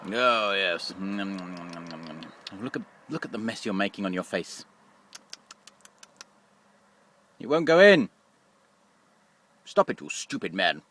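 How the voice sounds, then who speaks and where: A man's voice: low voice, lively intonation, moderate pace, fairly bright tone. A man voicing a rude, greedy bald male mascot toy that begs for scraps of fat. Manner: rude, blunt and cheeky. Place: lorry cab.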